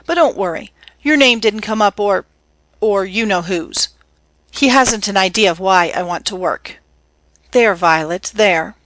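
A woman's voice: mid-range voice, measured pace, fairly bright tone, no echo, lightly acted, rough recording. A woman reading as a young man, a teasing yet protective older brother who talks in a breezy, slangy, earnest way.

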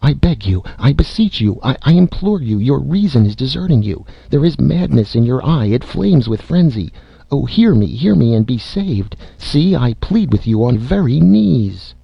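A man voicing a distraught older aunt who pleads in a high, imploring, breathless voice, in a slightly dull lo-fi recording. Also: expressive, normal speed, vocal fry, slightly rough, no room sound, full character voice. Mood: frantic pleading.

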